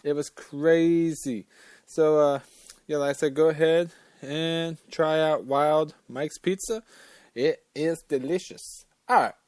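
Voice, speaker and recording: A man's voice: on the high side, fairly even intonation, slow, darkish tone, smooth, no room sound. A man hosting a casual sports talk show, ranting about college football rankings in an opinionated, fired-up way and cussing as he gets worked up.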